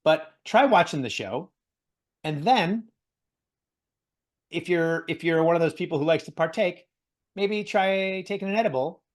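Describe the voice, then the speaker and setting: A man co-hosting a casual chat show in a joking, animated way. His voice sits a touch high for a man. He laughs easily and rambles happily between topics. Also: unhurried, long pauses. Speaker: podcast co-host.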